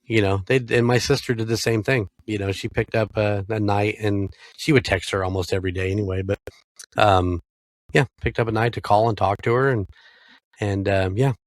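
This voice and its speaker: A middle-aged American man with a lowish voice, telling a story to his co-host in a loose, profane way. The sound is dry and close. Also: fairly even intonation, normal speed, no room sound. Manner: storytelling, swears freely, acts out quoted lines. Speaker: podcast co-host. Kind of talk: casual chat.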